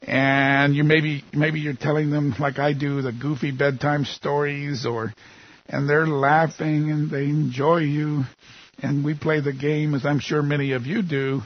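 A man's voice: a little high, level tone, a little slow, highs cut off. A man in his sixties, a pastor, giving a sermon that opens with a prayer and speaks earnestly through rhetorical questions.

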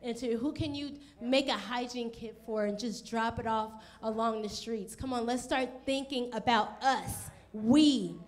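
A woman with a high voice preaches a sermon as pastor. She speaks straight to her listeners with questions. She brings the story to life by putting on the voices of its people. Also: unhurried, hardly any pauses. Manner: direct questions to the congregation.

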